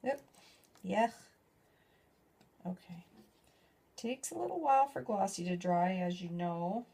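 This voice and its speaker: A woman's voice: mid-range voice, slow pace, gravelly, dark tone, slightly rough. A middle-aged woman hosting a casual craft video at home, chatting and rambling as she works and often breaking off mid-thought. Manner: chatty, rambling, self-interrupting. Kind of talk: casual craft tutorial chat.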